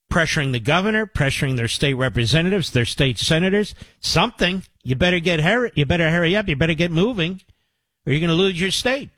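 A man's voice: a little high, a bit bright. A male talk radio host delivers commentary into a studio microphone, emphatic and building his points through repetition. The sound is dry and close, with no room echo.

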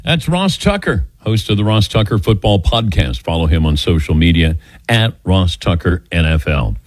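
A man's voice: deep voice, moderate pace, dry recording. A middle-aged man hosting a call-in radio show, joking and telling stories with his co-hosts. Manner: lively, joking, animated storytelling. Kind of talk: casual call-in radio chat. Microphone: studio microphone.

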